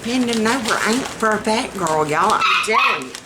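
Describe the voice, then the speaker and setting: A woman's voice: on the high side, expressive, moderate pace, very noisy. A woman with a Southern US accent chatting to camera in a folksy, exclaiming way as a vlogger. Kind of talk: casual chat to camera.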